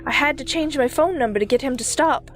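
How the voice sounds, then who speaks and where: A woman's voice: high voice, fairly quick, soft background music, lightly acted. A woman voicing a pompous elderly man with a British accent who claims to be God. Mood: haughty. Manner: smug, self-important, condescending.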